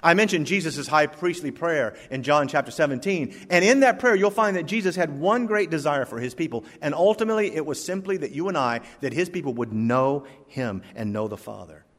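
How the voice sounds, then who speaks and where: A man preaching a sermon, telling stories with big swings between loud emphatic lines and quiet asides, slowing down to stress key words. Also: expressive. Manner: storytelling preacher with wide swings in pitch and volume, slowing for emphasis. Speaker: pastor. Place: church sanctuary. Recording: reverberant hall.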